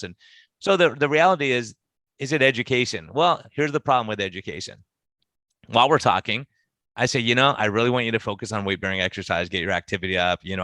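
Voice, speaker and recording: Guy doctor talking fast, lowish bright voice, really animated, plays out patient chats. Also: no echo. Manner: animated, acts out patient conversations in quotes. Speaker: physician. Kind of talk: casual podcast discussion.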